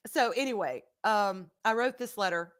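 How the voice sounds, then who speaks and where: A woman's voice: medium pitch, normal speed, fairly bright tone. A middle-aged woman, hosting a casual livestream and reading viewer comments, talking frankly and emotionally and swearing freely. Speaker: livestream host.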